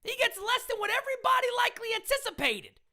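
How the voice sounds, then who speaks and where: A woman hosting a fan live stream, ranting in a fiery, profane way, often shouting and repeating lines for emphasis. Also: very high-pitched, sing-song, fast. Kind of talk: heated live-stream rant.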